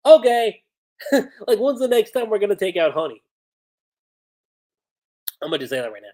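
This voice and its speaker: A livestream host recapping manga chapters in a casual, excited way, chatty with frequent laughs and lots of "like" fillers. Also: mid-range voice, normal speed.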